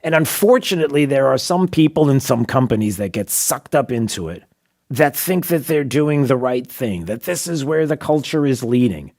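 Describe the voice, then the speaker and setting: A man's voice: medium pitch, lively intonation, moderate pace, a little mellow. Emphatic talk radio host, man. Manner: rhetorical, repeats questions, emphatic. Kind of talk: opinionated talk radio monologue and banter.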